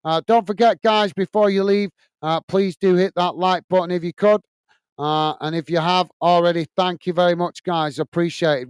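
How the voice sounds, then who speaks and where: A man in his forties, a football channel host from England, chatting through viewer comments on a live watch-along and grumbling at laggy software. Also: high voice, steady tone, normal speed, clear, resonant tone, no room sound.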